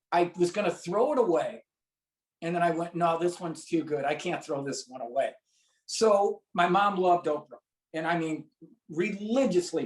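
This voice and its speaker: A man from St. Louis telling a personal story as an interview guest, acting out the voices of people he quotes. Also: high voice. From St. Louis, USA. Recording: roomy echo.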